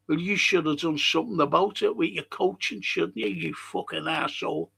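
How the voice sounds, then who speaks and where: A man's voice: a little high, big pitch swings, brisk, gravelly, hardly any pauses, pushed and bright, breathy edge. A man hosting a live football watch-along stream, reading out chat messages and ranting bluntly with heavy swearing.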